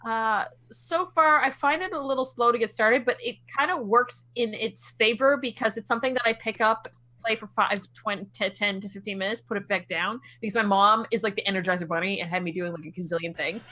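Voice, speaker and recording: A woman's voice: fairly high pitch, fast, pushed and bright. A woman hosting a casual gaming podcast, chatty and upbeat as she leads the group through the segments over a video call. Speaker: podcast host.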